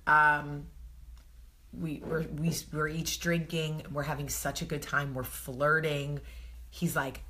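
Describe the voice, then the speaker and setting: A woman in her thirties with a New Jersey accent, telling a story to camera in a casual vlog, animated and often laughing. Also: low voice. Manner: animated, swings to loud exclaiming, laughs often. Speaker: vlog host.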